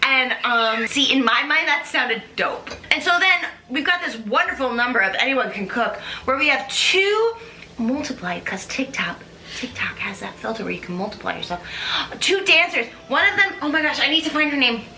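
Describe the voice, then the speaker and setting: A woman with a high, piercingly bright voice hosts a casual chat. She gushes and rambles excitably, piling on fillers as she goes. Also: moderate pace, echoey room, slight background noise. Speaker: host. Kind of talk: casual recap talk.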